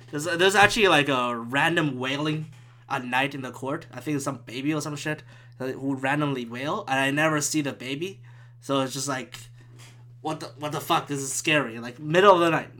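A man's voice: medium pitch, a little fast, pushed and bright. Profane, exasperated man ranting on a podcast. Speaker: podcaster and former stand-up comic. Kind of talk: solo podcast rant. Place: room at home with the window open.

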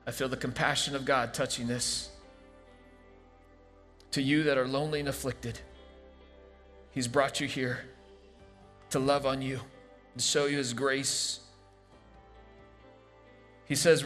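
A male pastor leading an altar call and praying scripture over a congregation, moving from soft, hushed invitation to fervent proclamation. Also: medium pitch, flat delivery, measured pace, pauses often. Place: church sanctuary. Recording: large hall reverb with soft music behind.

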